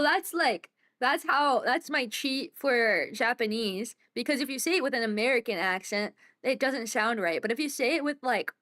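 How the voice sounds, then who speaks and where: A young woman streaming a game, chatting casually and excitably and often giggling. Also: on the high side. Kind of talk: casual gameplay commentary. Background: game music.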